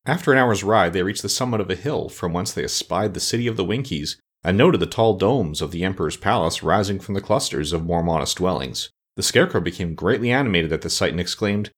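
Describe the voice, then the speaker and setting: Low, husky male storybook narrator. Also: animated, brisk, few pauses. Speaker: audiobook narrator.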